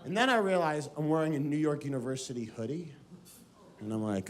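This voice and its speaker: American male stand-up, bright animated storyteller, live club set with a big audience. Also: mid-range voice, brisk. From United States. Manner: animated storytelling, acting out voices. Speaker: stand-up comedian. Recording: live stage recording, loud crowd laughter.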